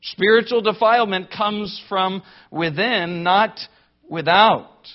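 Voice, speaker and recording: A man with a high-pitched voice preaches a sermon at an unhurried, measured pace. He stresses his points firmly and stacks them in rhetorical lists. The recording sounds dull and lo-fi. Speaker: pastor.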